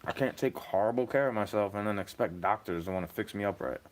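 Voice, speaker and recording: A man's voice: on the low side, fast. A young man ranting in a rambling, agitated monologue, swearing as he talks to a stream chat.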